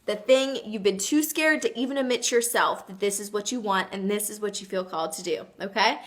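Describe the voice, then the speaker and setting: Bright-voiced earnest woman host. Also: medium pitch, a little fast, hardly any pauses. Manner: earnest, emphatic, reads viewer comments aloud. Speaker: live stream host. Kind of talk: motivational live video chat.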